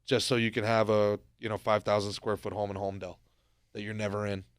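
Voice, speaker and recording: A man from New Jersey co-hosting a podcast, telling stories in an animated, profane way and acting out quotes. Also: fairly low pitch, fairly quick, dry recording. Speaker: podcast co-host. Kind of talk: casual podcast chat.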